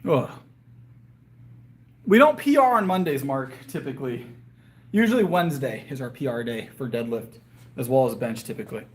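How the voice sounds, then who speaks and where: A man's voice: medium pitch, animated, a little fast. A man chatting casually with viewers on a livestream, rambling and hesitant with lots of fillers and restarts, his voice getting worn, outdoors in a yard. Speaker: livestreamer and powerlifter. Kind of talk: casual live chat with viewers.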